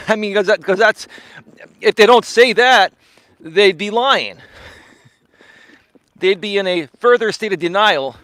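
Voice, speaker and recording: A man's voice: high voice, a bit bright, no echo. Emphatic man walking and streaming, dry sound. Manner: emphatic, repeats words, tags lines with "right?", laughs often. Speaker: life coach and live-stream host. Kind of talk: casual livestream monologue. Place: walking outdoors during a live stream.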